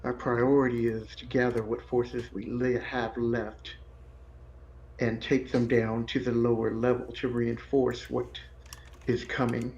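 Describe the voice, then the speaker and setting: A man's voice: mid-range voice, flat delivery, a little slow, darkish tone, muffled recording, a little hiss or hum, lightly acted. A man voicing a commanding ogre mage.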